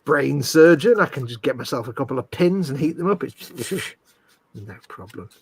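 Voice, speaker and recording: A man's voice: medium pitch, animated, moderate pace, creaky, husky. A British man co-hosting a casual live stream, joking and laughing often. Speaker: co-host.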